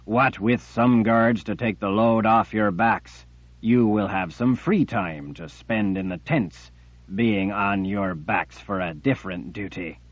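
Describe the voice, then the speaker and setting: A man voicing a menacing, gloating male emperor who speaks slowly and mockingly. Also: on the low side, no echo, muffled recording. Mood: mocking menace. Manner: slow, mocking and threatening.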